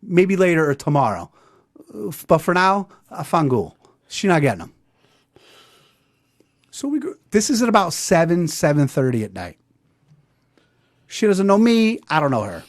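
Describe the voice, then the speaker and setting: Male podcast host, animated storyteller who does the voices, pitch all over the place. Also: moderate pace, long pauses. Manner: animated, acts out dialogue. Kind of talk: casual storytelling.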